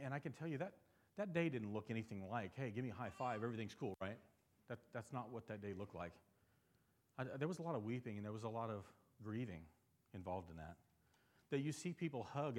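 A pastor giving a conversational sermon, asking the congregation questions and moving between lively, emphatic stretches and softer, earnest ones. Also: male voice. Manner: conversational preaching with frequent rhetorical questions; swings between animated emphasis and soft, low earnest passages.

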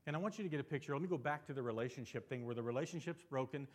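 A pastor giving a conversational sermon, asking the congregation questions and moving between lively, emphatic stretches and softer, earnest ones. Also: male voice, rapid-fire. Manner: conversational preaching with frequent rhetorical questions; swings between animated emphasis and soft, low earnest passages.

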